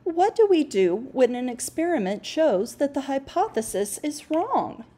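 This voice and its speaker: Woman doing a chirpy, high little girl. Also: very animated, measured pace, warm tone, a little hiss or hum. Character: lively, helpful young girl friend.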